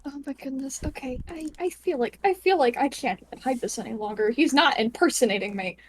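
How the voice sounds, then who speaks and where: A flustered woman playing a tabletop game, stumbling into her lines. Her voice is high-pitched. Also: fairly quick, slight background noise. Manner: flustered, hesitant. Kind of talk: in-character tabletop play.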